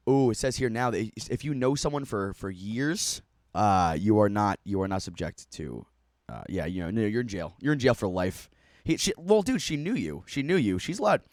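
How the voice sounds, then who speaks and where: A man's voice: medium pitch, big pitch swings, normal speed, no echo, clean studio sound. A man streaming a reaction to a video, giving profane, mocking running commentary and laughing often.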